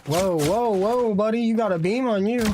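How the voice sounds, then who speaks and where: Young American male streamer, high-pitched, hyped and chatty, slight background noise. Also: normal speed. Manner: excitable, chants sound effects while playing. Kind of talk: live game streaming with chat.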